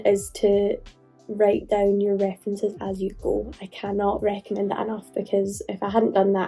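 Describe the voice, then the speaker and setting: Hoarse from being ill, this husky, mellow, medium-pitched voice belongs to a woman in her twenties from Scotland. She vlogs casually in a chatty, emotional manner, often dropping "like".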